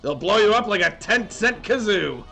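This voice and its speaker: A man's voice: sits high, expressive, moderate pace, gravelly, sharp tone, soft background music, voice pushed up, heavily acted. Man doing a barking drill-sergeant coach. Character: gruff shouting male military drill coach.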